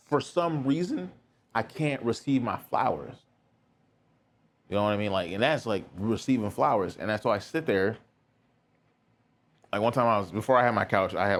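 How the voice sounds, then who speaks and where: A young man hosting a podcast, telling a personal story in a candid, rambling way with lots of filler words. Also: lowish voice. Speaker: podcast host.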